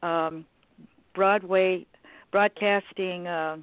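A woman hosting a radio interview, speaking haltingly with many fillers. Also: fairly low pitch, fairly even intonation, dry recording. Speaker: radio show host. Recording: dry tinny phone line.

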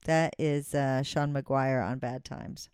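A co-host in a casual chat, easygoing and quick to chime in with agreement. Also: mid-range voice, steady tone, a little mellow, clear, resonant tone, no room sound, studio quality. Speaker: podcast co-host.

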